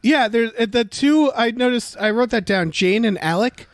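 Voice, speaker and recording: A man's voice: very high voice, normal speed, no room sound. A man co-hosting a podcast in casual chat, rambling and acting out quotes from a film. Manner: rambling, animated, acts out quotes. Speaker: podcast co-host.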